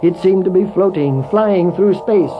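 A man narrating a children's story in an expressive voice that swells with feeling. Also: high voice, unhurried. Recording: tinny phone-like with faint music.

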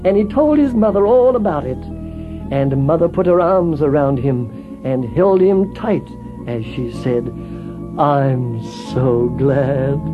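A high-voiced man tells a children's story, expressive and swelling with feeling. The sound is tinny and narrow like a phone line, with faint music underneath.

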